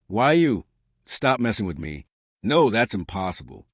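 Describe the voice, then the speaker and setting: A flustered, clingy young college woman who rambles in defensive pleas, put on by a male storyteller. The voice sits fairly low and swings widely in pitch. It sounds close and dry, with no room around it. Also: sing-song, unhurried, dry recording. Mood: panicked.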